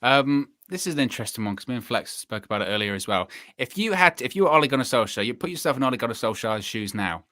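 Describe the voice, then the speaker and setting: A man hosting a casual live football chat stream, animated and repeating himself for emphasis. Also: medium pitch, fast talker, few pauses, no echo, clean studio sound. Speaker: host.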